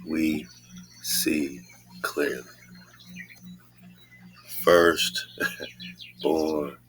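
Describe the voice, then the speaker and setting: Very deep, slow-talking man. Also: flat delivery, fairly bright tone. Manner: laid-back, laughs often, reads scripture aloud. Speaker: podcast host. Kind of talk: casual scripture commentary.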